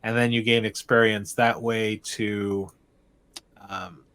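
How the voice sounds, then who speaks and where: A man running a tabletop game as game master, narrating scenes in a meandering, halting way with frequent restarts. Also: fairly low pitch, flat delivery, a bit bright, smooth.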